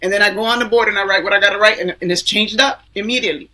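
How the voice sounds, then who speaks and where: A co-host talking in animated, slangy casual chat. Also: mid-range voice, rapid-fire.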